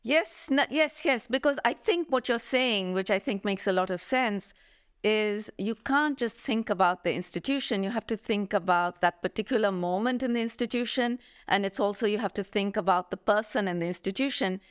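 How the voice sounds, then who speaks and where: A woman's voice: medium pitch, normal speed, clear, resonant tone. A woman interviewer who affirms and sums up what her guest has said in a conversational interview. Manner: affirming and summarizing.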